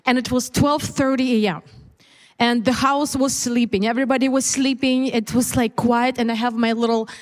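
Her fairly high voice holds a steady tone at a moderate pace as this woman preacher, a mother, offers a candid testimony in a sermon. She talks conversationally, often restarting and using fillers, and the church service sounds like a big room.

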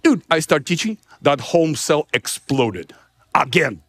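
Brief: male preacher, high and very expressive, husky, dry close sound, animated testimony. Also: measured pace. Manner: animated, laughing, acts out dialogue. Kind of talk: sermon testimony storytelling.

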